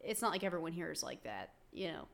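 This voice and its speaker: A woman's voice: lowish voice, sing-song, quick pace, gravelly. A young woman from West Virginia in casual political chat, blunt and profane, ranting with heat. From West Virginia, USA.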